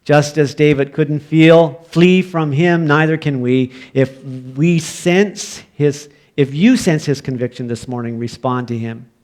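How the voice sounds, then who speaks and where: A middle-aged Canadian man preaching a sermon, telling a story from his own childhood and building to loud, emphatic preaching. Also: a little high, unhurried, few pauses. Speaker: pastor.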